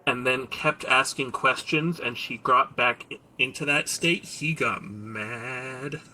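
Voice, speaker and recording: A man's voice: mid-range voice, slow, pushed and bright, slight background noise, low-quality recording. A man casually explaining, with lots of fillers along the way. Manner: rambling, filler-heavy explaining. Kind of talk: casual out-of-character chat.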